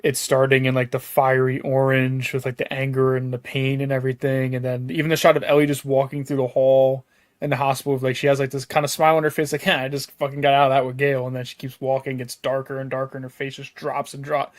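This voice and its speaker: A man of middle pitch chatting about a show he loves. He gets excitable, curses a lot and breaks into laughter. His voice sits dry and close to the mic. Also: fast talker, no room sound. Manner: excitable, swears a lot, laughs while talking. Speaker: podcast co-host. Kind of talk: casual review chat.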